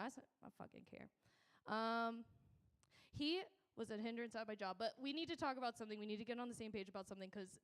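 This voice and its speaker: A woman's voice: a little high, fairly bright tone, smooth. A woman doing a stand-up set on a club stage, telling a rambling, self-interrupting story into a handheld mic. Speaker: stand-up comedian.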